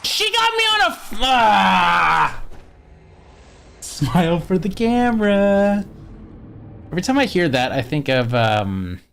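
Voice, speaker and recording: A video game streamer chatting through gameplay in a casual, animated way. The pitch swings around a lot, with frequent laughs and offhand swearing. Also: unhurried, gravelly, slight background noise.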